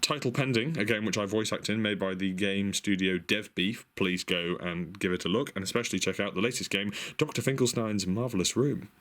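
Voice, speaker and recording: Excitable man thinking aloud. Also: fairly low pitch, fairly quick, hardly any pauses. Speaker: vlogger showing stationery. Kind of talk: casual chat.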